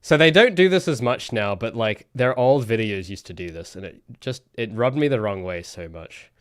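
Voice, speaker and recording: A man's voice: on the low side, animated, normal speed, no echo. Rambling man on a dry mic. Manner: rambling, self-interrupting, ranty. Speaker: solo game developer streaming. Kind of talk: casual livestream chat.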